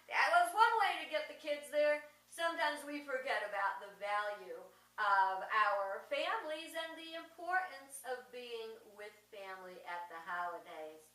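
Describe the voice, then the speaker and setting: Middle-aged woman, spiritual talk, gentle, slow emphasis, high voice, roomy echo. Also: expressive. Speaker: speaker giving an advent message. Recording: roomy echo, mic at a distance.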